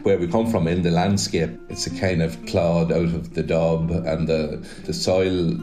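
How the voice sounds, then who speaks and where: A man from County Leitrim with a Leitrim Irish accent, a writer and actor musing slowly in an interview with some hesitations. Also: sits low, fairly even intonation, warm tone. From County Leitrim, Ireland. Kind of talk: reflective interview talk. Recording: guitar music underneath.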